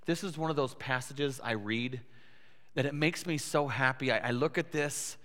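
A man preaching a sermon to his congregation, animated and lively, switching into different voices to act out how listeners react. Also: moderate pace. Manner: animated, acts out listeners' voices with big pitch swings. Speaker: pastor. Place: church sanctuary. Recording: reverberant church hall.

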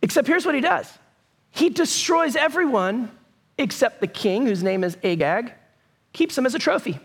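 High pitched guy preaching, chatty storytelling sermon, gets loud sometimes. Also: normal speed, slightly rough. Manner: animated storytelling, conversational with bursts of shouting. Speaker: pastor.

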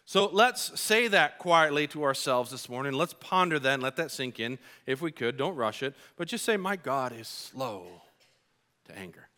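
A middle-aged male pastor delivers a sermon in a bright, forward voice that sits a little high for a man. He preaches earnestly and with animation, and he acts out his own exasperated outbursts when he tells a personal story. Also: normal speed, hardly any pauses. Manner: earnest and animated, acting out his own frustrated shouting in stories.

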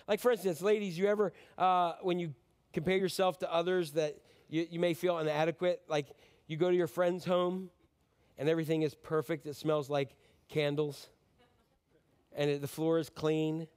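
Joking, high-voiced male pastor. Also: flat delivery, normal speed, darkish tone, clear, resonant tone. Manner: conversational and joking, asks the audience questions. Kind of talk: Christmas sermon.

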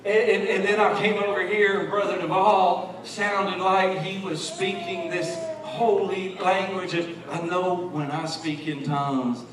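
A man preaching a sermon as pastor, swinging from soft and intimate to loud shouting, with many repeated "and, and" restarts. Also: sits high, fairly even intonation, unhurried, hardly any pauses, crowd noise. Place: large church sanctuary. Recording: very echoey church hall, distant mic, congregation noise. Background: congregation.

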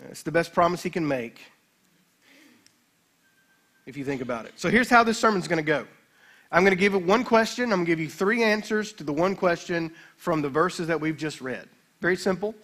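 Bright, high-voiced man preaching a sermon. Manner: emphatic preaching, slows right down to read scripture. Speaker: pastor. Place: church sanctuary.

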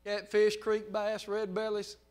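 Man, Southern US accent, pastor preaching, folksy storyteller turning fervent, high voice, long church-hall reverb. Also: completely flat delivery, a little slow, a little mellow, clean tone. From Mississippi. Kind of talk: sermon. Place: church sanctuary.

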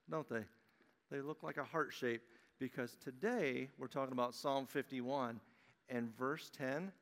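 Animated man telling children a story. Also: medium pitch. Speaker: pastor giving children's message. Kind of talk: children's sermon and storybook reading. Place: church sanctuary. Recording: long church-hall reverb.

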